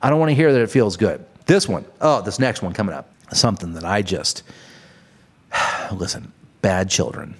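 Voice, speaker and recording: A podcast host rants in a casual, comedic, exaggerated way, swearing often and laughing at his own jokes. His voice is lowish with a breathy edge, and he talks at a normal speed.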